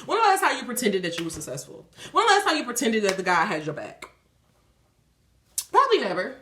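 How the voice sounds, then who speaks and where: Woman, tarot reader, swooping lively voice, sharp bright tone, casual spiritual talk, cursing and laughing. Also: on the high side, fairly quick, a little hiss or hum. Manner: animated, profane, laughs often. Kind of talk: casual spiritual reading monologue. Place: a room at home. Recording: echoey room.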